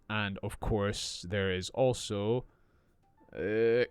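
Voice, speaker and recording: Slow, clear-speaking male English teacher. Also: on the low side, fairly even intonation, dry recording, soft background music. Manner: slow, clear, improvised explanations. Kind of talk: unscripted podcast lesson.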